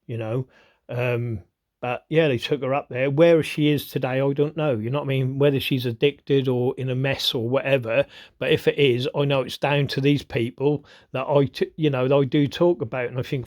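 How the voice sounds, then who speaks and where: A man's voice: mid-range voice, steady tone, moderate pace, a little mellow. A man, hosting his own video in a rambling, profane monologue that keeps asking "you know what I mean". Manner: grows agitated and heated. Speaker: video host.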